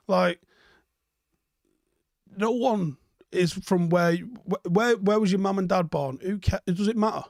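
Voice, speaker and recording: A man's voice: sits high, measured pace, gravelly, long pauses, dry recording, clean studio sound. A man hosting a live stream, chatting casually and bluntly while reading out viewer comments, swearing freely.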